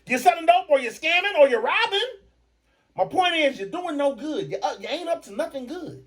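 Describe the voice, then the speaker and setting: A man's voice: extremely high pitch, sing-song, fairly quick. A man from Michigan hosting a podcast, delivering a profane, brash, mocking comedic rant. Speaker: podcast host.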